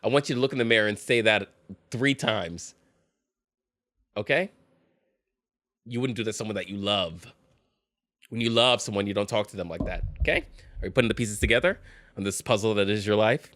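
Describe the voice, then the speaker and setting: A man hosting a show reacting to relationship posts, talking casually with sass and high-pitched bursts of laughter. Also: brisk, long pauses, no echo, studio quality. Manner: animated, sassy, bursts into high-pitched laughter and mocking voices. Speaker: host reacting to reddit posts. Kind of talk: casual commentary.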